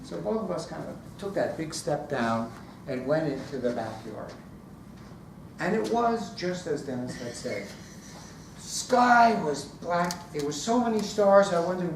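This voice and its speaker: This man's voice is a little high and his delivery unhurried as he gives a storytelling speech at a speaking club. He's animated, voicing sounds to act out each scene, and the distant mic catches an echoey room plus a bit of background noise.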